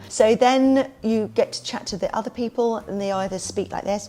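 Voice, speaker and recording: A woman who runs a kids party business, telling stories as a podcast guest in a lively way and acting out the voices she quotes. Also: mid-range voice, brisk, hardly any pauses, a little hiss or hum. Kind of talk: casual interview storytelling.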